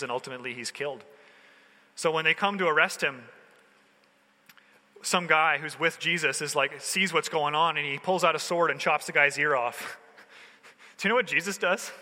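A man preaching in a relaxed, chatty way, mixing slang into his sermon. His voice is fairly high and very bright and forceful. It rings out with a long hall reverb. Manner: casual, conversational preaching with slang. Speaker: pastor.

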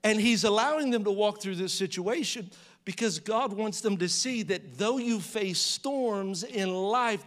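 Guy with a high voice preaching, chatty, keeps asking the crowd questions, gets loud acting out prayers. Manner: conversational preaching with rhetorical questions to the audience; acts out prayers and quotes with rising pitch and volume. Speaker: pastor. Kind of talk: sermon.

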